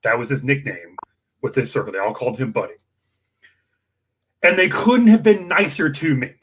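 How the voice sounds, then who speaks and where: A man telling a long personal anecdote in an emotional, animated way, acting out the people in it. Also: medium pitch, moderate pace, slightly rough. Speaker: campaign worker guest. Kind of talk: storytelling anecdote.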